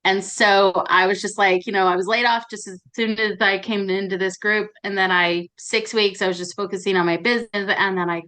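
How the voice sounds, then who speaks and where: A woman in a casual group discussion, sharing animated anecdotes about work. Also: medium pitch, fairly quick, hardly any pauses. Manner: animated storyteller. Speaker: notary meetup participant.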